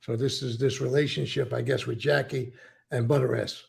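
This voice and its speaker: A gravelly, foul-mouthed older man from New York, once a mobster, tells stories in a conversational interview and reenacts what people said. He speaks at a moderate pace in a mid-range, darkish voice with fairly even intonation.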